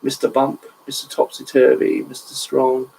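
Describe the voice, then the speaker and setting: A man's voice: mid-range voice, monotone, moderate pace, vocal fry, mellow, a little hiss or hum, rough recording. A man reading a children's picture book aloud, stopping to chat about the pictures with a chuckle. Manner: chatty, chuckles, stops to admire pictures.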